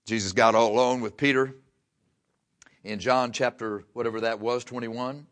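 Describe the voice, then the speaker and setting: A man's voice: medium pitch, fairly even intonation, normal speed, fairly bright tone. A man preaching, telling a Bible story in a folksy way and acting out the voices. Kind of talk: sermon.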